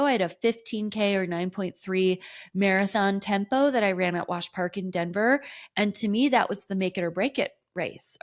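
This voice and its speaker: A woman in her thirties hosting a podcast as a running coach, talking in an upbeat, enthusiastic, motivational way. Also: mid-range voice. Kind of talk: solo podcast talk.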